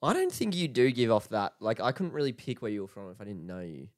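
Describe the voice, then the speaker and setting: Young man, Australian accent, rapid chatty delivery, low voice, dry close mic. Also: big pitch swings, dry recording. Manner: quick, chatty storyteller. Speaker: podcast co-host. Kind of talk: casual chat.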